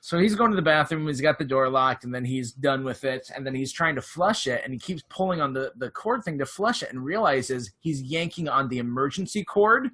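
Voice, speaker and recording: A man co-hosting a podcast, casually retelling a TV episode in an animated way and laughing often. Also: medium pitch, fairly quick, few pauses. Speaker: podcast co-host. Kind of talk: casual chat.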